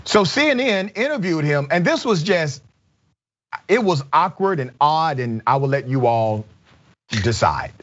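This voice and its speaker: Male show host, emphatic, a bit high voice, muffled sound. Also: measured pace. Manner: energetic, emphatic, repeats himself. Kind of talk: live show host reading chat comments.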